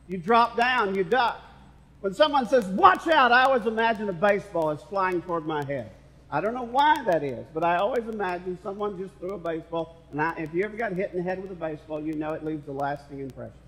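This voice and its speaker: High-voiced preaching pastor, echoing church. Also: male voice, fairly bright tone. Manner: preaching with playful asides to the congregation. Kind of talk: sermon. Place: church sanctuary.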